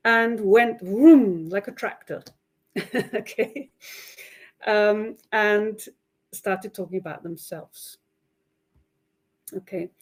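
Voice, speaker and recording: A woman's voice: medium pitch, darkish tone. A woman leads an online teacher-training session in a mid-range voice. She keeps the tone friendly and informal, checking in with her listeners and laughing lightly as she goes. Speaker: teacher trainer presenting a webinar. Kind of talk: online webinar talk to teachers.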